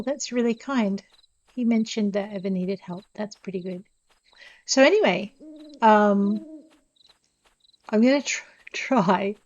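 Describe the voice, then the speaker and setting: A woman with a mid-pitched voice gives relaxed let's-play commentary, chatty and self-deprecating as she talks straight to her viewers. The recording sounds somewhat dull and lo-fi, like a basic home mic. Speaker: gameplay narrator.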